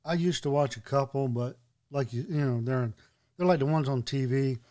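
Mid-pitched male guest, dry sarcastic storyteller, relaxed chat. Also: moderate pace. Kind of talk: casual chat.

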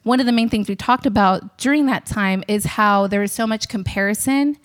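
A young woman chatting casually as a podcast host, animated and giggly, acting out quotes with big jumps in her voice. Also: mid-range voice, brisk. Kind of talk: casual storytelling chat.

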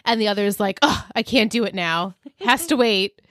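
A woman co-hosting a podcast, recapping a TV episode in casual chat and acting out the quotes in quick bursts. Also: medium pitch, expressive, fairly bright tone, dry recording, studio quality.

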